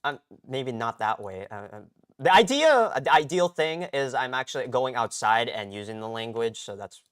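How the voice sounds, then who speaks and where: A young man from the United States rambles through a casual stream chat, stopping and restarting his sentences and tagging them with quick checks to his listeners. His voice is smooth and clean, sitting at an ordinary middle pitch for a man. He is talking from his home garage. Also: expressive, a bit bright. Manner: rambling, repeats "okay?" and restarts often.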